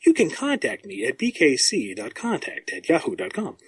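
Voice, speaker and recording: A man who writes comics, talking as a podcast guest in a measured, self-deprecating way with frequent ums. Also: on the high side, huge pitch swings, husky. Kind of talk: casual podcast chat.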